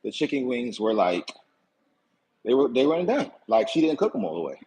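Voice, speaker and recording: A man's voice: mid-range voice, big pitch swings, fairly quick, darkish tone, low-quality recording. A man hosting his own channel tells a casual, aggrieved story. He is slangy, repeats himself and keeps asking "you know what I'm saying.". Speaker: channel host.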